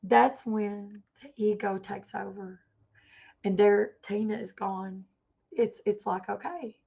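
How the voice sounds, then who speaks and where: A woman's voice: medium pitch, steady tone, slow, vocal fry, dark tone, breathy edge, dull audio. A woman talking earnestly on her own livestream, rambling and repeating herself as she explains things to her viewers. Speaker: livestream vlogger. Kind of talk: emotional personal livestream talk.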